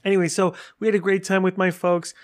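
A man hosting a solo podcast, chatting in an animated, rambling way and gushing as he tells stories. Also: sits high, fast talker. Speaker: podcast host. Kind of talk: casual solo podcast update.

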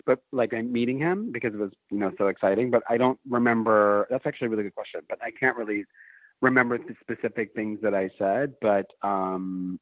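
A middle-aged man tells a long story, rambling and restarting as he goes. His voice sits at an ordinary pitch. The sound is thin and tinny like a phone line, and very dry. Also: a little fast, no room sound. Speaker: guest. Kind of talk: casual storytelling chat.

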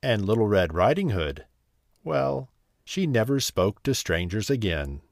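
A man reading a bedtime story aloud in a slow, soothing, expressive way. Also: lowish voice, gravelly.

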